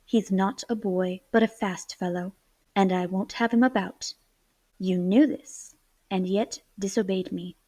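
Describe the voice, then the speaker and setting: A woman's voice: mid-range voice, fairly even intonation, measured pace, mellow, no room sound, close to an everyday voice. A woman reading a stern, grim father.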